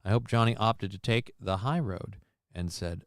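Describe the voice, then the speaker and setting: A man's voice: fairly low pitch, moderate pace, no room sound. A man hosting a casual livestream chat, with crude, mocking, profane banter. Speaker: show host.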